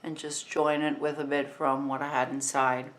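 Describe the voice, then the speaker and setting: A woman in her fifties with a New Jersey accent, talking through a makeup tutorial in a relaxed, chatty way while she works. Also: a bass voice, moderate pace. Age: 50s.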